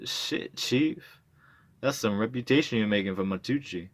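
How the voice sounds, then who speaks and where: Excited loud drinking buddy, put on by a male reader, pitched up. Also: normal speed, no room sound, lightly acted. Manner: excited, hollering, nosy. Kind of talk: reading a novel aloud.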